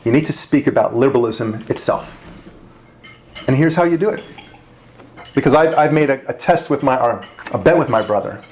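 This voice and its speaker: A man speaking to a dinner crowd in a mid-pitched voice. His delivery is punchy and rhetorical, full of quick "right?" asides, and loose and conversational. Faint clinking of cutlery and dishes sits behind him. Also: animated, darkish tone, slight background noise. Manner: conversational, with restarts and small laughs. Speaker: radio talk show host giving a speech. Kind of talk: speech to a dinner audience.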